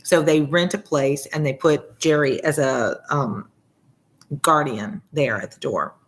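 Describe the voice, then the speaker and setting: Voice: medium pitch, a little slow. A tutor reading a classic novel aloud and breaking off for casual explanations, with frequent fillers. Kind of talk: read-along with commentary.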